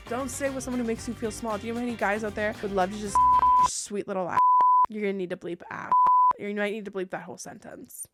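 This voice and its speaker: A woman casually reading online posts aloud and breaking off for blunt, jokey commentary. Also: mid-range voice. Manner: animated, jokey, blunt, riffs between readings. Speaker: YouTuber reading Reddit stories.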